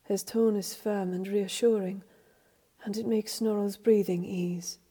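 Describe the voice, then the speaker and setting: A woman reading a story aloud, in a measured, even storybook narration. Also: medium pitch, husky. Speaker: reader.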